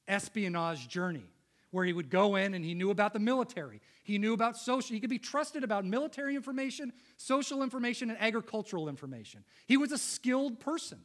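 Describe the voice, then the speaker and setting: Emphatic high-voiced male preacher. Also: expressive, fast talker. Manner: emphatic, builds to loud peaks then drops low. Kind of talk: sermon.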